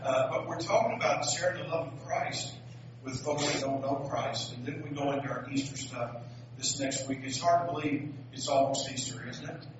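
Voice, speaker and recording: A man's voice: mid-range voice, fairly even intonation, normal speed, noisy background. A pastor with a Southern US accent preaching a sermon, folksy and joking as he tells stories. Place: church sanctuary. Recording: echoey hall, distant dull mic.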